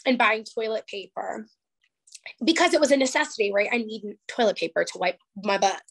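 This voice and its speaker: A woman's voice: medium pitch, normal speed, gravelly. A woman, a life coach guest on an interview podcast, telling her story in a candid, emphatic and emotional way, close to tears at times.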